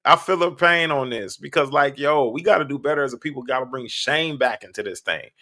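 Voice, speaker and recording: A podcast host giving blunt, slangy, emphatic reaction commentary. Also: male voice, medium pitch, a little fast, sharp tone, no room sound, clean studio sound.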